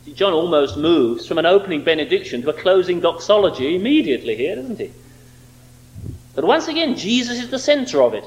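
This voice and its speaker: A man's voice: high-pitched, big pitch swings, a little fast, poor audio. A man preaching a sermon, emphatic and fond of rhetorical questions.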